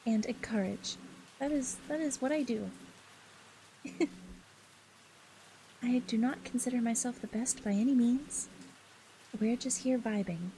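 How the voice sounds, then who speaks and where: A woman streamer chatting playfully with her live audience, laughing often and squealing high when flustered. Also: takes it slowly, long pauses. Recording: steady rain noise in the background. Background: rain.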